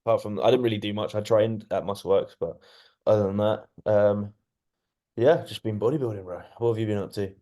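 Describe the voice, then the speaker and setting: A young man co-hosting a podcast, relaxed and casual, often answering briefly and saying bro. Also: on the low side, a little fast. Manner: relaxed, short agreeing replies, says bro. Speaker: podcast co-host. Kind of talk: casual chat.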